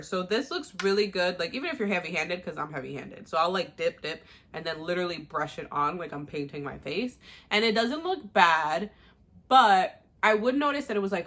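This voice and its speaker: A young woman chats her way through a makeup routine, loose and rambling, with "like" in every other phrase. Her voice sits a little low but comes out bright and forward. It sounds like an unscripted home vlog. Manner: chatty, rambling, uses "like" a lot. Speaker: beauty vlogger. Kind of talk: casual makeup tutorial chat.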